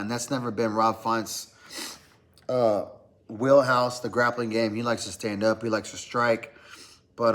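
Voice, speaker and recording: Male podcast host, casual fight-preview chat, relaxed and filler-heavy delivery. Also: mid-range voice. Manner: loose and conversational, lots of "man" and "uh". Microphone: podcast mic.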